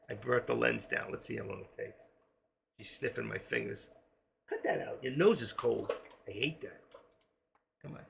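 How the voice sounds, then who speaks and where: Gravelly older New York man. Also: medium pitch, slight background noise. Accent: New York, with a trace of Florida. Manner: chatty, jokey, talks to viewers while trading. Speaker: trading live-stream host. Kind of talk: casual live-stream commentary. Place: home.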